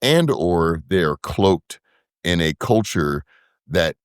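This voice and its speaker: A man's voice: low-pitched, very animated, slow, smooth, no echo, clean studio sound. A man, guest co-founder of a brewery, talking in a loose, profane, slangy way full of restarts. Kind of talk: casual podcast conversation.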